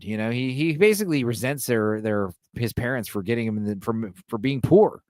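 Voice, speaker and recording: A man's voice: medium pitch, expressive, fairly quick, few pauses, darkish tone, no room sound, clean studio sound. A man hosting a podcast, recapping a film in a loose, rambling way, full of fillers and the odd swear. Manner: rambling, full of uh and you know; loose, mildly profane. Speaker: podcast host.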